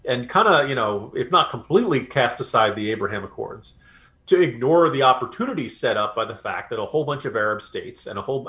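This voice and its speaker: Man, podcast co-host, casual political commentary, rambling, mocking asides, middle pitch. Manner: animated, rambling, mocking quoted voices.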